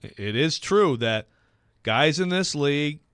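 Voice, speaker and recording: A man hosting a sports talk radio show, rambling and self-deprecating, quick to laugh. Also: a little high, animated, fairly bright tone, smooth, no echo, clean studio sound.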